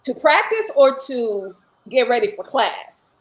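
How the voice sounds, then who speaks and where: Animated woman telling stories in an interview. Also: a little high, a little slow, poor audio. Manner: animated, acts out dialogue in her stories. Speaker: line dance instructor and painter. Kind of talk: casual interview storytelling.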